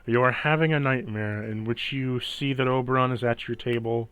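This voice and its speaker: A man running a tabletop game as game master, narrating the scene slowly and dramatically and asking for rolls. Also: medium pitch, fairly even intonation, a bit bright, clear, resonant tone. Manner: slow, dramatic descriptive narration.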